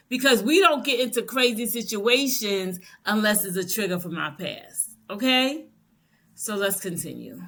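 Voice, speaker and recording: A woman's voice: fairly high pitch, pushed and bright. A woman with a Southern US accent hosting a storytime reaction, talking emphatically and repeating phrases for effect. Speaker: reaction channel host.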